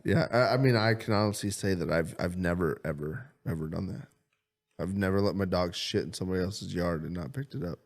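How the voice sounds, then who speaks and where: A man with a low, gravelly voice cracking sarcastic, crude jokes as a podcast co-host. He talks casually into a studio mic. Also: brisk. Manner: joking, swearing, sarcastic.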